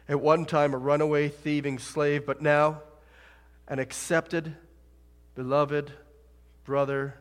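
A man preaching a sermon in a church, dramatic, dropping to a hush and rising loud. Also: fairly high pitch. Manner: dramatic, swings from hushed to loud. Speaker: pastor. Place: church sanctuary. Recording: long hall reverb.

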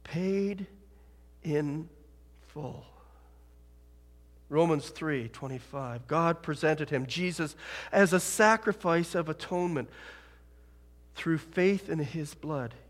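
A man preaching a sermon in a church, dramatic, dropping to a hush and rising loud. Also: a little high, slow pace, long pauses. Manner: dramatic, swings from hushed to loud. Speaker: pastor. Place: church sanctuary. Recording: long hall reverb.

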